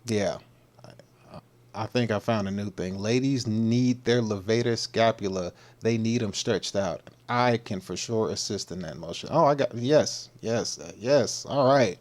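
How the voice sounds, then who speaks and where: A man's voice: fairly low pitch, unhurried. Joking man hosting a livestream. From Texas. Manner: playful, repetitive, laid-back slang. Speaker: fitness coach, livestream host.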